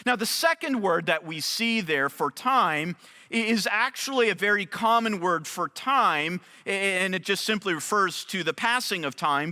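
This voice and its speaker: A man teaching an expository Bible study in a deliberate, emphatic way, repeating key phrases. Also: high-pitched, bright, forceful tone. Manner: slow, deliberate, emphatic restatements. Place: large church auditorium. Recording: long church hall reverb.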